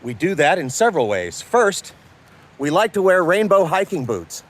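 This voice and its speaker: A woman's voice: on the low side, very animated, moderate pace. A woman delivering a scripted comedic monologue in a mock-official, announcer-like manner over a video call. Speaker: comedian presenting a character bit.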